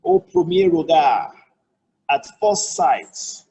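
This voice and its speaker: His fairly high voice has lively intonation and a warm, husky tone, though the audio is poor. A language tutor with a Nigerian accent, he runs an online French lesson, patiently repeating and unpacking each phrase with slow, careful examples.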